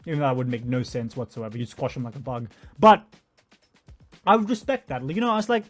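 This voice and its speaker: A man's voice: medium pitch, lively intonation, quick pace, soft background music. A man giving a profane, mocking commentary rant over interview clips. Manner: mocking, profane, does sarcastic impressions. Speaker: YouTube commentator.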